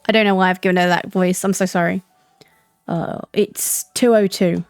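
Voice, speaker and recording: A young woman reading a visual novel aloud, calm and steady, with self-deprecating asides. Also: on the low side, normal speed, no room sound, soft background music.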